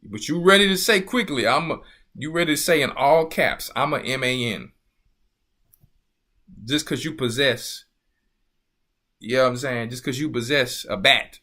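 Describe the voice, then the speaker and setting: Bright-voiced preaching man, emphatic. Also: medium pitch, moderate pace. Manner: emphatic, rhetorical questions, scolding. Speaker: church elder. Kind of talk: preaching talk.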